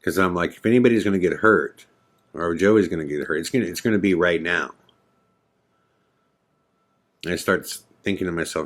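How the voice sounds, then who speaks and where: Deep-voiced man telling a tense story. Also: fast talker. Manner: intense, regretful retelling with swearing. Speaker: podcast host. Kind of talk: first-person storytelling.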